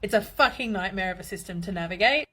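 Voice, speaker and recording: A woman's voice: mid-range voice, fast, bright, forceful tone, breathy edge. A woman in a social media video rant, indignant and impassioned.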